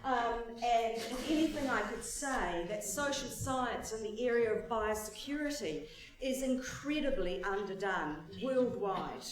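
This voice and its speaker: A woman social scientist giving a relaxed, joking conference talk with plenty of filler words. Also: fairly high pitch, a little slow. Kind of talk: conversational conference presentation. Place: large lecture hall. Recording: very echoey hall, mic at a distance.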